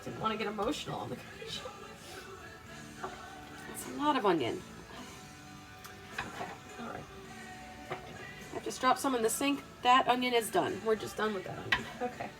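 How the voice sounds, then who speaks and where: A woman's voice: on the high side, big pitch swings, a little fast, low-quality recording. A young woman hosting her home cooking show in her kitchen, talking casually in a rambling, self-deprecating way full of fillers. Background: playlist music playing faintly.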